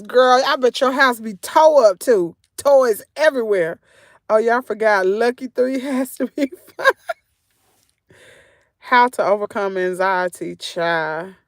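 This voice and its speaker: Talking at a measured pace in a slightly high voice, this Southern American channel host chats casually with livestream viewers from her parked vehicle, reading their comments and laughing a lot. The recording is dry and studio-clean.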